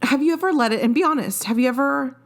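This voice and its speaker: Talking fast in a high voice, this young podcast co-host is frank and firm on the subject of parenting, keeping the chat casual and full of filler words.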